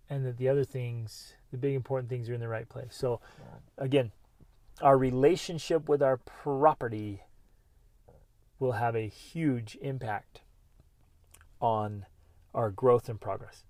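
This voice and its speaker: A middle-aged man hosting a motivational podcast, talking earnestly and breaking into bursts of excitement. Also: mid-range voice, no room sound. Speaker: podcast host.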